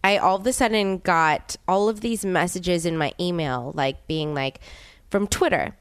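A young woman chatting casually as a podcast host, telling a story with many fillers and sudden high exclamations. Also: fairly quick, few pauses, clean tone, no echo. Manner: animated storytelling with many "like" fillers, leaps in pitch when exclaiming. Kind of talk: casual chat.

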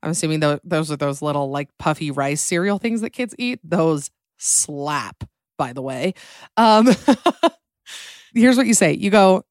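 A woman's voice: sits low, expressive, measured pace, no echo, studio quality. A young woman hosting a casual podcast, chatty and playful, acting out quotes. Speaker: podcast host.

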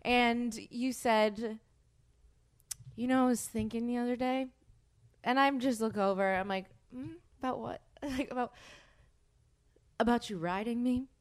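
A woman's voice: a little high, fairly even intonation, unhurried, long pauses. A young woman hosting a casual chat, telling stories frankly with lots of laughter. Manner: chatty, giggly, frank storytelling. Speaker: podcast host.

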